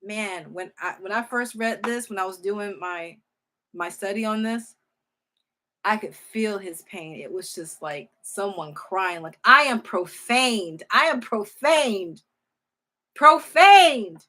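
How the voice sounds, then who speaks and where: A woman teaching scripture informally, reading verses slowly, thinking aloud, correcting herself and speaking with emotional emphasis. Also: medium pitch, fairly bright tone. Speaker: Bible teacher.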